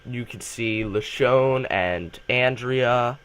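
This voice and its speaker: A young male student hosts a casual fan vlog, speaking slowly in a clean, medium-pitched voice. He's coming down with a cold but still rambles excitedly, with lots of fillers and restarts.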